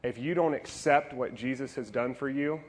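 A male pastor preaching to teenagers in an animated, jokey style with playful asides. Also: medium pitch, normal speed, breathy edge. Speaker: youth pastor. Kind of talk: youth sermon.

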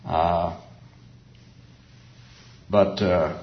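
A man's voice: on the low side, unhurried, long pauses. An older man preaching a sermon to a men's group, folksy and chuckling, drawing out emphatic repeated phrases. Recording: roomy, dull lo-fi sound.

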